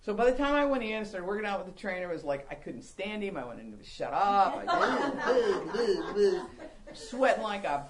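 An older woman giving a Bible teaching talk to women, telling animated, self-mocking stories. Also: mid-range voice, normal speed, rough recording.

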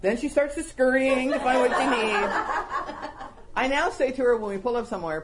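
A woman's voice: sits high, moderate pace, a loud crowd. A woman hosting a Christian talk show, chatting animatedly and often poking fun at herself. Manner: animated, self-mocking, laughs often. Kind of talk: casual faith-based talk show chat.

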